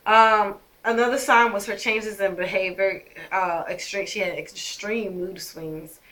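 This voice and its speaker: Woman, vlogger, bright forceful voice, emphatic, indignant, talks straight to viewers. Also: medium pitch, fairly even intonation, unhurried. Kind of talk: personal storytelling to camera.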